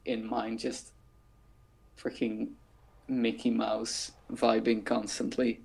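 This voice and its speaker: A man in a casual group chat, playful and quick to throw in jokes. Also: mid-range voice, monotone, creaky, a little mellow, slightly rough. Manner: playful, jokey, interrupts with gags. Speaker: podcast co-host.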